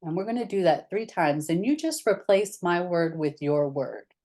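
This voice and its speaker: A woman with a low, grounded voice leads a somatic therapy session. She talks candidly and gently, often dropping soft and quiet as she guides the group. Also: animated, normal speed.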